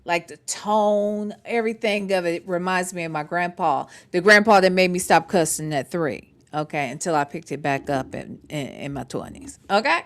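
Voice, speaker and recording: A woman's voice: lowish voice, normal speed, hardly any pauses. A woman in her forties giving casual, chatty commentary and talking straight to her viewers. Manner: chatty, animated, talks to the chat directly. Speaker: commentary streamer.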